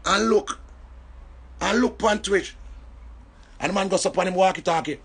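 A man from Jamaica with a Jamaican accent, telling an animated story in casual patois. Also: high voice, normal speed, slight background noise. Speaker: entertainer.

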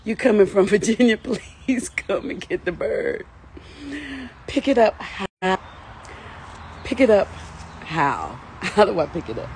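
Woman, on the verge of tears, outdoors, casual live chat to viewers, lively pitch, slow delivery. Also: a little hiss or hum. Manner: emotional, repetitive self-talk, nervous laughs. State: tearful, on the verge of crying. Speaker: live-streaming vlogger. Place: outdoors in a yard by the lawn.

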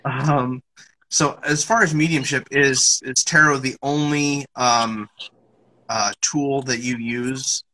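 A man's voice: mid-range voice, fairly even intonation, slow pace, bright, forceful tone, low-quality recording. A man hosting a casual podcast interview, asking questions with many hesitations and restarts. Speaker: podcast host.

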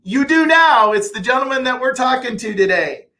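Male podcast host: high, bright, eager questions, halting fillers. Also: expressive. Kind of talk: podcast interview hosting.

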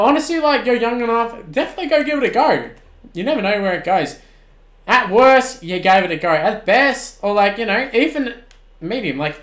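Excitable Australian streamer in his twenties. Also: high voice, echoey room. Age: 20s. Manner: excitable, swings from shouting at the game to relaxed chat. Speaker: gaming streamer. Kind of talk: live-stream commentary and chat replies.

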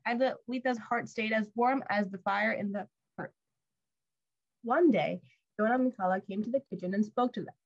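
A woman reading a storybook aloud to children, with clear, expressive storytelling. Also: medium pitch, dull audio. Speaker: storybook reader.

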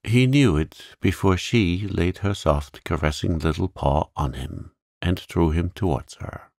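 A man narrating a calm bedtime story in a gentle, soothing way. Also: deep voice, unhurried, creaky, no room sound, clean studio sound.

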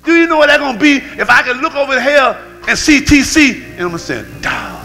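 High-voiced fervent preacher man. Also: expressive, quick pace, gravelly, in a large hall, soft background music, low-quality recording. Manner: fervent preaching, swings from shouts to low growls. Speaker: pastor. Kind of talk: sermon. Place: church sanctuary.

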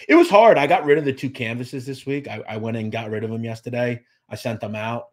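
A man with a medium-pitched voice talks fairly quickly while hosting a live show. He chats casually, reads out viewer comments, and thanks people by name, with plenty of fillers and restarts along the way.

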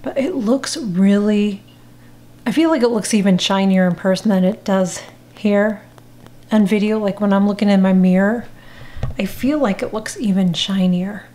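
A woman's voice: mid-range voice, normal speed, warm tone. An older woman giving an unscripted makeup review, chatty and rambling, correcting herself as she goes. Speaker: beauty vlogger. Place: indoor home room, rain outside. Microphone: camera mic. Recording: echoey room on camera mic.

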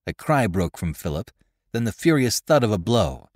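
A man narrating a classic adventure story in a scripted, expressive reading. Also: lowish voice, moderate pace, no echo, clean studio sound. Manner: expressive, lively reading with character voices. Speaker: narrator and host.

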